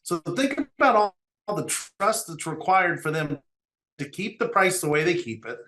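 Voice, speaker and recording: A man's voice: sits high, animated, moderate pace, sharp tone. A middle-aged businessman telling stories as an interview guest, earnestly quoting dialogue. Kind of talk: storytelling interview talk.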